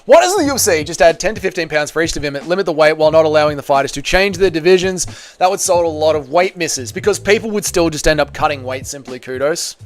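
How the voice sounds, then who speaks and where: A young man who talks quickly and rambles as he reads viewer comments aloud on a casual stream. He fills his talk with "like" and swears freely. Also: a little high, lively intonation, a little hiss or hum. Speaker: MMA livestreamer.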